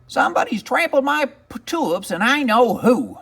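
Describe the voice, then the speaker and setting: A spiteful little witch of a storybook squeals and chants her nonsense spells high above an ordinary speaking voice, as a man puts her on. Her pitch jumps wildly from word to word, and she mutters her curses in a sly, scheming way. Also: very animated, normal speed, creaky, a bit bright, breathy edge, full character voice. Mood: indignant. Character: angry little female witch. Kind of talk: storybook read-aloud.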